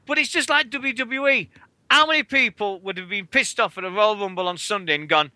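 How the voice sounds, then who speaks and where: A man's voice: sits high, no echo. A British man co-hosting a wrestling radio show, ranting in casual, sweary chat. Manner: swearing, excitable, fast ranting.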